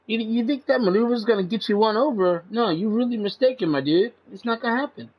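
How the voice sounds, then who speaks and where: A man talking in a casual, rambling monologue to his channel, profane and agitated, saying "man" a lot, with his pitch jumping up when he gets indignant. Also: quick pace, few pauses. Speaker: channel host. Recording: dull lo-fi recording.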